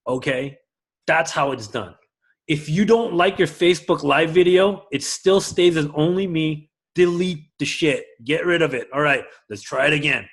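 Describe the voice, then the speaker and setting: A man teaching a live class to a room of people, energetic and often checking that everyone is following. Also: moderate pace. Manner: energetic, swings loud and high when excited; asks the room for agreement. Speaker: class instructor.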